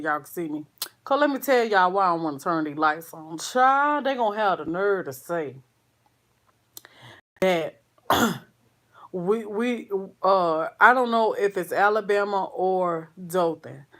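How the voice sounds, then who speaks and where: A woman chatting casually with viewers on a live stream, slangy and quick to rant with swearing. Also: on the low side, fairly bright tone. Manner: chatty, slangy, calls viewers girl and child; ranting with profanity. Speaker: vlogger reading live chat.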